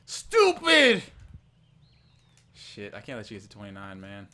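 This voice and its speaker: A young man giving excited commentary on his own gameplay, swinging from muttering to yelling and laughing. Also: fairly low pitch, fast. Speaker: gamer.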